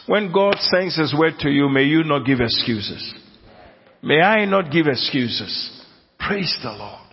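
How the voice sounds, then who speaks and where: A man preaching a sermon, emphatic, repeating key phrases slowly and asking the congregation if they are listening. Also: on the high side, animated. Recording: dull audio in a long-reverb hall.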